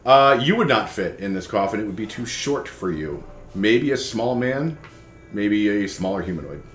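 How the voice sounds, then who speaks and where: A man's voice: on the low side, animated, normal speed, a little hiss or hum. A man narrating as game master for a tabletop game, hesitating with fillers and laughing often. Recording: echoey room with faint ambience.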